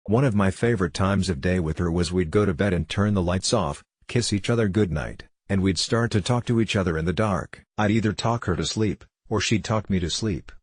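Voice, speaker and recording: Low husky man, reflective. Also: a little fast, few pauses, no echo, clean studio sound. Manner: reflective, heartfelt storytelling. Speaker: interviewee. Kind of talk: candid interview answers.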